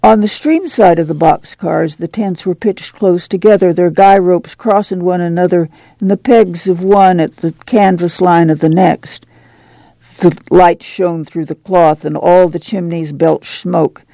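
A man narrating an audiobook in a measured, even storytelling manner. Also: high voice, gravelly, no room sound.

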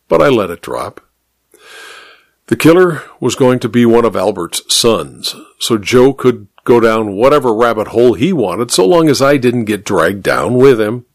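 Lively, dry-voiced male audiobook narrator. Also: mid-range voice, no echo. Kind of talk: first-person detective novel narration.

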